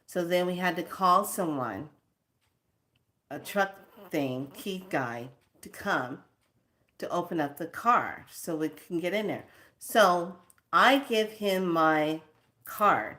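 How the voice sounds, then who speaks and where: Brief: spiritual teacher, woman, sassy storyteller with a lower voice. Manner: animated, emphatic, sassy.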